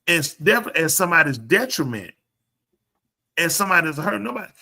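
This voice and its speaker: A man's voice: a little high, very animated, quick pace, vocal fry, bright, forceful tone. A man hosting a live podcast show, ranting bluntly and opinionatedly in casual chat and addressing the people around him. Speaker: podcast host.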